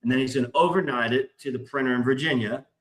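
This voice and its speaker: A middle-aged man hosting a podcast, telling a story in a casual, excitable way and swearing a lot. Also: medium pitch, fast talker. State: stressed, hyped up. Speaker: podcast host.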